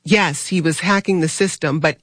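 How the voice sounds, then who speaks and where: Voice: mid-range voice, moderate pace, fairly bright tone, no room sound. A radio host guiding a discussion and putting questions to guests by name.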